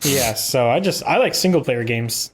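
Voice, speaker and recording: A man's voice: mid-range voice, animated, normal speed, slight background noise. A young man co-hosting a casual podcast, sarcastic and blunt, swearing freely. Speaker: podcast co-host. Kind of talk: casual chat.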